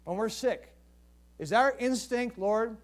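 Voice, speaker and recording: A man's voice: high-pitched, animated, moderate pace. A male pastor preaching a sermon in a conversational way, asking the congregation rhetorical questions.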